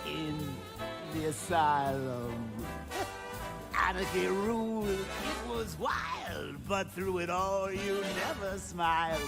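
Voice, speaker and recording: A man singing in the voice of a gloating, manic clown villain, cackling between lines, over a loud backing track. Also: high-pitched, lively intonation, slow, vocal fry, loud music behind the voice, exaggerated voice. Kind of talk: sung villain song.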